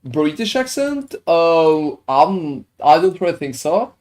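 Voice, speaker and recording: A French-accented man streams a game and chats casually with viewers, rambling through chat replies full of fillers. His voice is a little high, sing-song and slightly mellow, and he talks slowly.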